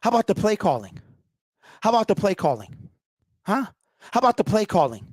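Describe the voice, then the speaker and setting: A man's voice: high voice, very animated, a little fast, a little mellow, no room sound, clean studio sound. A man hosting a postgame fan call-in show, ranting in a heated, exasperated way and repeating himself.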